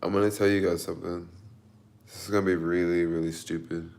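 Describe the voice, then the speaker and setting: A young man vlogs about his delivery shift, emotional and near tears, his story rambling, self-conscious and full of fillers and restarts. His deep voice is brisk and flat, a little mellow, with vocal fry.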